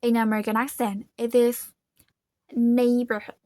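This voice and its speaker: Slow, halting Indonesian-accented young woman. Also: fairly high pitch, steady tone, dry recording. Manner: careful, halting, repeats sounds slowly. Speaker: student. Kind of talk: recorded class presentation.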